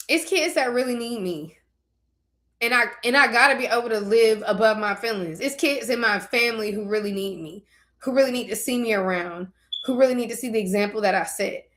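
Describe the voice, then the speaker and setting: A young woman shares her faith in a casual vlog, talking frankly and turning to her viewers as if chatting with friends. Her voice sits a touch high and rings bright and forward. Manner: candid, conversational, addresses viewers directly. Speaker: faith vlogger.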